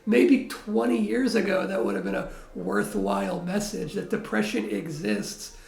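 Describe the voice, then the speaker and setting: A male film critic delivers a blunt, wry review. His voice sits high and is heavily gravelly. The sound is echoey, as if from a bare room. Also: steady tone, unhurried, darkish tone.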